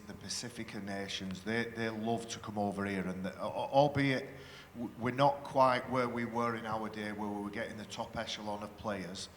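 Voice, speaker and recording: A man's voice: lowish voice, fairly bright tone. A man speaking as a panel guest in a live stage conversation, boastful and joking in his banter. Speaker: panel guest, former rugby league player. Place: festival stage in a hall. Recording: long hall reverb with faint noise.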